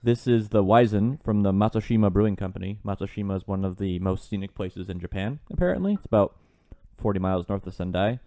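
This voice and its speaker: Low-voiced guy, dry teasing banter, podcast chat, no room echo at all. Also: fast, dark tone. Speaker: podcast co-host. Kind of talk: casual chat over beer and a movie.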